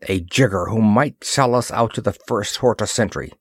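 A man's voice: lowish voice, moderate pace, slightly rough, no echo, clean studio sound. A man voicing an easygoing, joking adventurer sidekick. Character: wry adult male sidekick adventurer.

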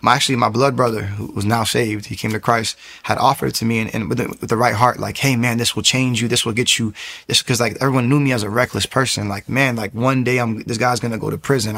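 Man telling a fast, earnest life testimony. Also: mid-range voice, creaky. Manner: fast, earnest, restarts often, rises to shouting when reliving moments. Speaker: testimony speaker. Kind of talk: personal testimony storytelling.

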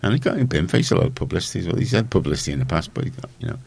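Deep-voiced sarcastic male radio host. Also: lively intonation, rapid-fire, vocal fry, darkish tone. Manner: rambling, sarcastic, with many restarts. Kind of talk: casual chat.

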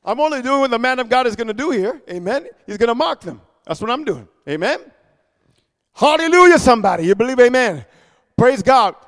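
High-voiced preacher man, sing-song and fiery. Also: big pitch swings, a little fast, big-room sound. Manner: sing-song scripture reading broken by shouted mocking asides and laughs. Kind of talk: sermon.

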